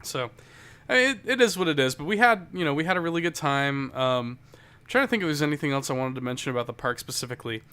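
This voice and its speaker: A man's voice: on the high side, lively intonation, fast, bright, forceful tone, smooth. A man co-hosting a podcast, telling a rambling, profane story full of fillers in casual chat. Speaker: podcast co-host.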